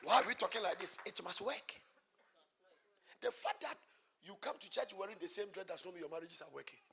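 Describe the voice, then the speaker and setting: A man with a Ghanaian accent preaching a sermon in church. He moves from hushed storytelling to loud, emphatic preaching and repeats key phrases as he asks the congregation rhetorical questions. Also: high voice, expressive, brisk, gravelly.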